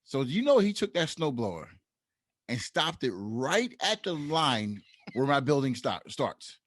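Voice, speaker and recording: A man's voice: medium pitch, unhurried, no room sound. A man co-hosting a casual podcast, telling stories with frequent laughs and getting heated when annoyed. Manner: storytelling, laughs often, animated when annoyed. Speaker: podcast co-host.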